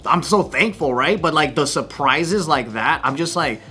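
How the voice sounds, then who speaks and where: A man with a high, bright voice chats on a podcast, animated and loose with his swearing. His pitch swings widely as he talks, and he keeps dropping "like" into his sentences. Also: moderate pace, few pauses, soft background music. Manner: animated, swears freely, hedges with "like". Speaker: podcast co-host. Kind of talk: casual chat.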